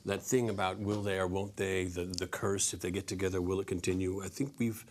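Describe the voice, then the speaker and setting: A man's voice: sits low, little pitch movement, brisk, a little hiss or hum. A man in his forties, a guest actor in an interview, easygoing with many restarts. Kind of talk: interview talk.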